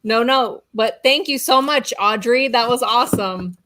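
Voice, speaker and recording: A woman talks slowly and casually with a bright, sharp tone, reacting warmly while opening fan mail. A faint hiss sits under her voice. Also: on the high side. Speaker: vlog co-host.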